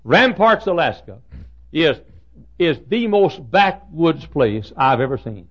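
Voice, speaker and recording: An older man preaching a sermon, telling stories with many repeats and swinging between loud bursts and hushed asides. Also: fairly high pitch, big pitch swings, slow pace. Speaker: pastor. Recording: dull lo-fi sermon recording.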